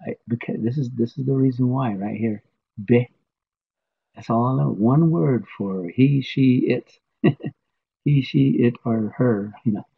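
A man whose first language is Navajo, teaching a casual, patient spoken lesson and repeating words slowly for learners. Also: mid-range voice, vocal fry, a little hiss or hum. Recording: tinny phone-like audio.

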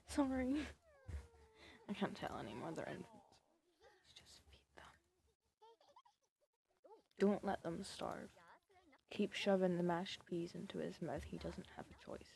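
A woman's voice: on the low side, animated, unhurried, vocal fry, darkish tone. A woman giving casual, sarcastic commentary over a life-sim game, scolding the characters and often dropping to a whisper. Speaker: gaming video creator.

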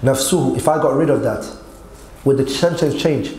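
A man's voice: mid-range voice, a little fast, a little mellow, slight background noise. Male Arabic grammar teacher, echoey room. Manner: quizzes students, mixing Arabic quotes with English. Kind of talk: online lesson explaining Arabic grammar.

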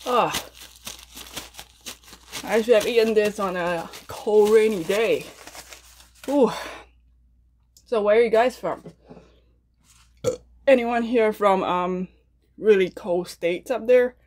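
A woman's voice: mid-range voice, takes it slowly, pauses often, a little mellow. Woman mukbang host, casual chatty talk, eating between remarks, young adult. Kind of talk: casual chat to viewers while eating.

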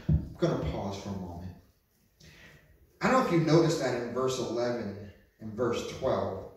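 A pastor preaches to a camera by himself, chatting with listeners, asking them questions and going over points again. His medium-pitched voice is animated at a normal speed with long pauses, and the big room sounds very echoey from a distant mic.

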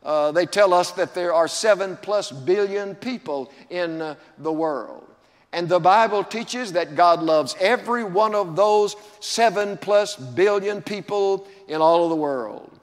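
A man's voice: high voice, unhurried. An older man preaching a sermon as pastor, drawing out key words and building emphasis. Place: church sanctuary. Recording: long church reverb.

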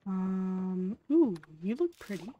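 A woman streamer chatting casually while she plays a game, easily excited, cooing at characters and now and then swearing. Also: mid-range voice, takes it slowly. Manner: excitable, gasps and coos, swears lightly. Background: faint game music.

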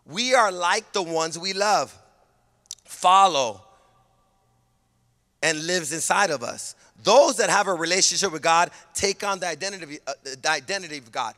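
Man, pastor, emphatic sermon, from California, sharp tone, long hall reverb. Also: sits high, lively intonation, normal speed. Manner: emphatic preaching, often rising to a shout. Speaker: senior pastor.

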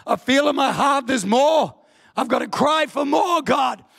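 A man voicing a desperate blind beggar who shouts and pleads. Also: very high voice, a little slow, creaky, heavily acted. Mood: pleading.

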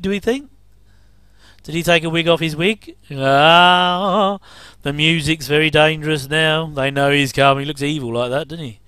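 Guy rambling over an old tv show, chuckles a lot, smooth clear voice, dry close sound. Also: a little high, bright, forceful tone, dry recording. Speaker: commentator. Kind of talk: casual film commentary.

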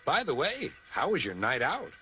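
A man's voice: fairly high pitch, huge pitch swings, moderate pace, pushed and bright, a little hiss or hum, voice pushed up, exaggerated voice. A man with an American accent voicing a proud, somewhat touchy male tank engine. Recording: music playing behind the voice.

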